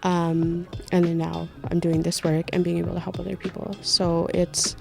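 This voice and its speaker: Earnest, gravelly-voiced woman panelist. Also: lowish voice, completely flat delivery, moderate pace, soft background music. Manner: earnest, reflective, speaks from personal experience. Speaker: panelist and support worker. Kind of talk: radio panel discussion.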